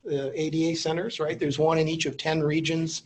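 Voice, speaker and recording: A man's voice: on the high side, little pitch movement, brisk, a little mellow. A man who teaches at a university, telling an anecdote in a lecture, self-deprecating, with many fillers and restarts. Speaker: university instructor. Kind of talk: storytelling lecture.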